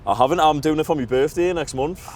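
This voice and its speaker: A man's voice: on the high side, quick pace. A young man with a Geordie accent, chatting casually with a stranger on a park bench, bubbly and full of "like" and "aye". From Newcastle, England. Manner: chatty, self-described bubbly, lots of "like" and "aye". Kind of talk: casual chat. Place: park bench outdoors by a river.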